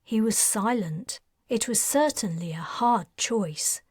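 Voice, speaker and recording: Slow, measured woman narrating a sci-fi audiobook. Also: mid-range voice, animated, a little mellow, breathy edge, dry recording, studio quality. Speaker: author narrating her audiobook.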